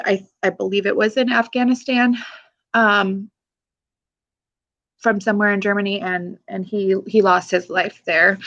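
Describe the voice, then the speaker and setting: Heard through lo-fi sound, her medium-pitched voice has a fairly bright tone. She's an army veteran in her thirties from the Pacific Northwest, guesting on a podcast and speaking frankly and emotionally, with casual swearing and frequent laughter.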